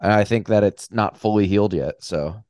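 A man co-hosts a casual wrestling podcast and rambles through his opinions, swearing now and then. His voice sits on the low side. The recording is close and dry. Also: normal speed, a little mellow, dry recording. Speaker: podcast co-host.

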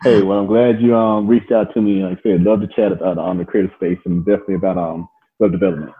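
A man's voice: deep voice, steady tone, fast talker, phone-quality sound, slight background noise. A man in his forties, a web developer guest on a podcast, talking in an easygoing way with laughs and frequent ums. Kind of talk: casual interview chat.

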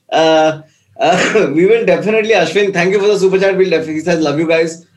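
A man's voice: high voice, moderate pace. A man hosting a casual cricket chat, joking and reading out viewer messages. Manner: jokey, mixes Hindi into English, reads viewer messages. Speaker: podcast host.

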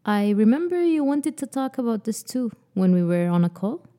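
A woman hosts a podcast and asks her guest questions in a gentle, inviting way. Her tone is very dark and mellow, and her pitch rises and falls a lot. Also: very animated, moderate pace. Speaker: podcast host. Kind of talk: interview questions.

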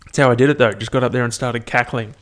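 On his own podcast, a young host talks fast in a mid-range voice with fairly even intonation. The chat is casual and rambling, full of self-mockery and frequent swearing.

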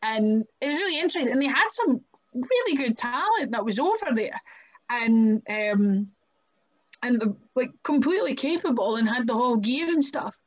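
A young woman chats on a podcast with a slightly high voice. She tells her wrestling stories loosely, leaning on "like" and laughing as she goes. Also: sing-song, normal speed, dull audio. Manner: chatty, many "like" fillers, laughs often. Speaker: guest professional wrestler. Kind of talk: casual podcast storytelling.

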